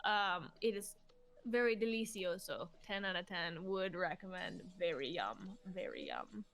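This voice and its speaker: Bubbly young woman with a bright voice. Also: fairly low pitch, lively intonation, a little slow, faint music behind. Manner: bubbly, swears casually. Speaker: podcast guest. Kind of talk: casual chat.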